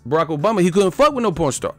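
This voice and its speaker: A man doing an impression of a cocky ex-boxer commentator, loudly insisting he was right. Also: sits high, sing-song, very fast, faint music behind, voice pushed up. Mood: smug. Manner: loud, insistent, I-told-you-so lecturing.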